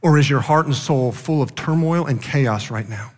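A male pastor preaching a sermon with passion, rising loud and then dropping quiet. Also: mid-range voice, moderate pace, big-room sound.

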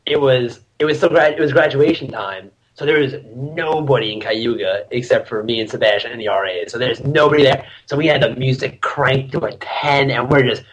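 A young man in his twenties, a podcast guest, chatting casually and telling lively stories full of laughter and shouted quotes. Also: mid-range voice, fairly quick, few pauses, highs cut off. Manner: animated storyteller, laughs often, acts out shouted quotes. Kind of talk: casual chat.

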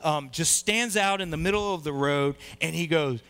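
A middle-aged man preaching a sermon, telling a personal story with lively, acted-out quotes. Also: on the high side, normal speed, smooth. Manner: animated storyteller, acts out quoted voices. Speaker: pastor.

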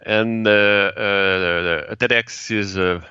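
A man from Quebec with a French-Canadian accent, a native French speaker being interviewed about the events he organizes, speaking halting English and searching for words. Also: deep voice, fairly even intonation, pushed and bright, clean tone, no room sound, highs cut off. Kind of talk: casual interview chat.

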